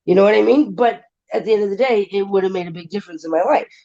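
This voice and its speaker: A woman's voice: mid-range voice, quick pace, mellow, muffled recording. A woman hosting a casual livestream chat. She talks bluntly and emotionally and swears freely. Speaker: livestream panel host.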